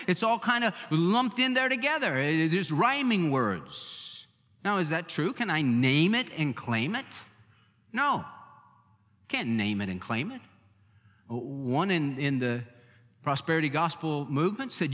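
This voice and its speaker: A man's voice: a little high, very animated, measured pace, a bit bright, big-room sound. A man preaching a sermon as pastor, emphatic and repeating key phrases for weight.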